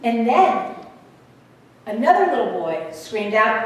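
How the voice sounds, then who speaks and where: Animated woman speaker in an echoing hall. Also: fairly high pitch, unhurried, long pauses. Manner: animated storytelling, swinging from loud to hushed. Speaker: guest speaker. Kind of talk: storytelling sermon. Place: theater hall at a church service. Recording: echoey hall from far off.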